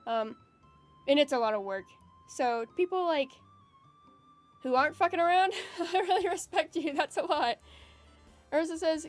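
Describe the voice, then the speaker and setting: A woman streamer with a high, bright-pitched voice chats casually with her viewers on a live stream. She is excitable and emotional, swears freely, and sounds openly grateful. Quiet music plays faintly behind her. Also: normal speed, pauses often. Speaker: VTuber streamer.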